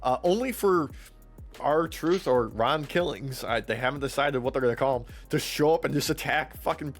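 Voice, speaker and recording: A man's voice: medium pitch, normal speed, soft background music. A man co-hosting a podcast, recapping wrestling in casual chat, swearing often and acting out what the wrestlers said. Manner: profane, laughing, acts out quotes in voices. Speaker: podcast co-host.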